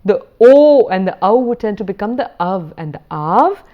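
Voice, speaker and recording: A woman lecturer giving a recorded university lesson, explaining patiently and reading verse slowly. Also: mid-range voice, lively intonation, highs cut off.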